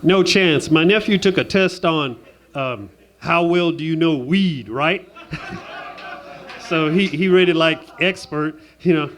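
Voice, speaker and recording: A man's voice: on the high side, takes it slowly, a bit bright. Chatty self-deprecating stand-up man. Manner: self-deprecating, chatty, laughs at own jokes. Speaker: stand-up comedian. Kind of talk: stand-up comedy set. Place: stage in Las Vegas.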